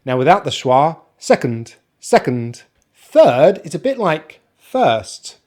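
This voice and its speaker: A man with a British accent teaching an online pronunciation lesson, speaking slowly and modelling each sound one at a time. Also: a little high, sing-song, darkish tone. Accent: British English, non-rhotic. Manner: slow, careful, demonstrates sounds one by one.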